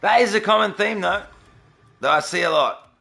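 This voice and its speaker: Sarcastic gamer dude doing commentary, kinda high voice, gravelly. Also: male voice, normal speed, sharp tone, faint music behind. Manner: sarcastic, mocking, laughing often. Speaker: gaming channel host. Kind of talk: gameplay commentary.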